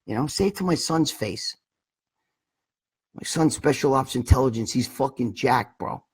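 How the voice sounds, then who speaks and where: Hosting a laid-back livestream, this middle-aged man from New York has a husky, somewhat raspy voice at an average male pitch. His intonation is lively and his speed normal as he wanders through blunt, foul-mouthed talk, full of filler words and curses, returning again and again to his points.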